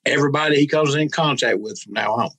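A man's voice: mid-range voice, fast talker, fairly bright tone, slightly rough, poor audio. A man, a pastor telling rambling, folksy stories in a casual interview. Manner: rambling, folksy, quotes others aloud. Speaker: pastor and guest.

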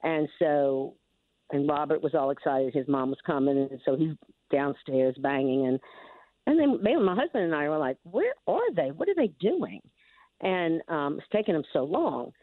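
An older woman, a neighborhood security district official, calls in to a radio show over a tinny phone line and tells a long, rambling story full of restarts, asides, and "you know." Her voice is low with lively intonation at normal speed, with no echo.

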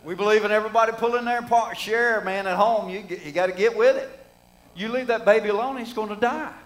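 Middle-aged man, preacher, sermon, folksy, high voice, conversational, rhetorical questions. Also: brisk, rough recording.

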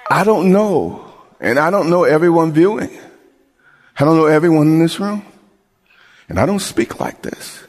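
A man preaching a sermon with passion, moving from low, quiet lines to raised, shouted appeals. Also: expressive, moderate pace, pauses often, long reverb tail. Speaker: pastor.

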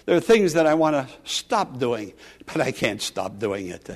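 A man pastor preaching a sermon, calling out with rising emotion and dropping to soft, quiet asides. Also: medium pitch, very animated, moderate pace.

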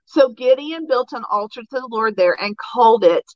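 A woman's voice: a little high, lively intonation, normal speed, no room sound, muffled recording. A woman hosting a devotional podcast, retelling a Bible story in a casual, enthusiastic way with many asides.

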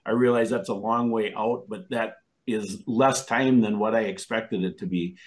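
A man on a video call as a talk show guest, speaking in a measured, methodical way, listing dates and facts. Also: on the low side, fairly even intonation, poor audio. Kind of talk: interview recounting a lawsuit.

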